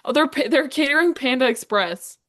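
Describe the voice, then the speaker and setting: A young woman co-hosting a podcast, chatting casually and rambling quickly through her stories. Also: high voice, animated, fairly bright tone. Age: young adult. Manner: fast, rambling storytelling. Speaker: podcast co-host. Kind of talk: casual chat.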